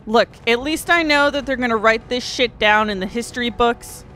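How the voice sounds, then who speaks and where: A young woman giving gameplay commentary at a desk microphone, swearing constantly and breaking into angry shouted outbursts. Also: fairly high pitch, moderate pace, faint music behind. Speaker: let's play host.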